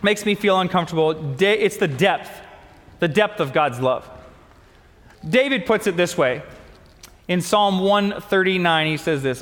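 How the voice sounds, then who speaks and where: A male pastor preaches a sermon, stacking phrase on phrase with emphatic repetition. His voice sits high for a man, and it carries through a long church-hall reverb. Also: expressive, a little slow, long pauses, a bit bright. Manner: emphatic, repetitive build-ups. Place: church sanctuary.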